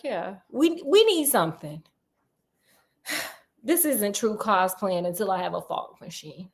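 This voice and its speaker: A young woman casually retelling a classic detective story, animated and slangy, laughing often. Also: medium pitch. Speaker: podcast storyteller.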